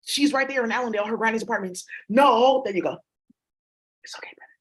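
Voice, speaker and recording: A woman's voice: on the high side, quick pace. A woman vlogger talking in a rambling, blunt, profane monologue. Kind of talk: casual monologue.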